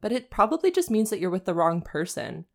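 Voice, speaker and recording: A woman with a lively, swooping voice chats with a friend. She is blunt and giggles easily, reacting to everything she hears. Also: mid-range voice, brisk. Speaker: podcast co-host. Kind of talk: casual chat.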